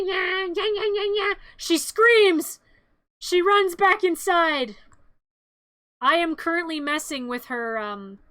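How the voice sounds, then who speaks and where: A woman streamer giving a comedic movie recap, playful, jumping into loud excited outbursts. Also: high-pitched, no echo.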